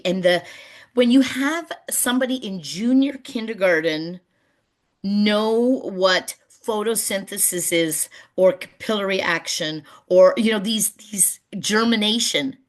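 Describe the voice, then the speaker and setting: A middle-aged Canadian woman with a medium-pitched voice presents a video call webinar about community gardens. A warm storyteller, she gets lively whenever she quotes people.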